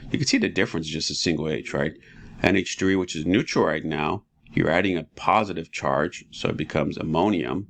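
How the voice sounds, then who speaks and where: A man teaching chemistry in a relaxed, casual lecture, walking students through each step and often asking "right?". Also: brisk. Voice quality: very deep and gravelly. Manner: relaxed, talks students through steps with frequent rhetorical "right?".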